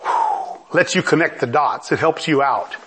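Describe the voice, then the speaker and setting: A middle-aged man preaching a sermon in a lively, conversational way, often asking the congregation questions. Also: a little high, measured pace, breathy edge.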